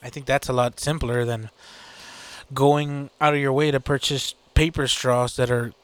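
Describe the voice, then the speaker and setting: A man's voice: mid-range voice, smooth, no echo. Brief: male solo show host, crude and sarcastic, mid-range voice, loose off-the-cuff rant. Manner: profane, sarcastic ranting with laughs and filler. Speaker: podcast host.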